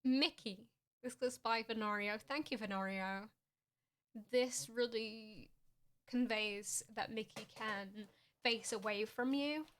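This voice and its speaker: A young woman streaming casually, joking in a deadpan way and often laughing as she talks. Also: fairly high pitch, takes it slowly. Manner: playful, deadpan jokes with frequent laughs. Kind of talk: casual stream chat showing fan art.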